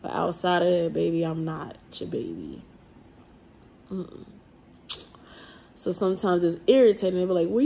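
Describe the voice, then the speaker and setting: Gravelly, husky woman ranting bluntly. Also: lowish voice, warm tone. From New Orleans. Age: 30s. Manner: blunt and emphatic, with swearing and slang. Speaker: vlogger. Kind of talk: unscripted vlog rant.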